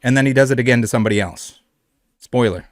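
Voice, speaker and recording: A man's voice: mid-range voice, fast talker, no echo, studio quality. A man hosting a reaction commentary who speaks in a blunt, indignant way and swears often. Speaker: channel host.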